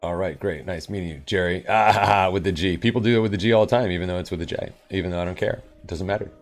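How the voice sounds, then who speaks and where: A man's voice: low voice, racing, faint music behind. A man live-streaming and chatting casually with viewers, rambling and upbeat in his morning voice. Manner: rambling and upbeat, with sudden loud bursts.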